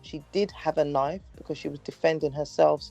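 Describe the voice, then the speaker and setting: A woman co-hosting a casual chat, calmly explaining and steering the conversation. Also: sits low, fairly quick, vocal fry. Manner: calm, explains at length, steers the talk. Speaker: podcast co-host. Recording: faint music behind.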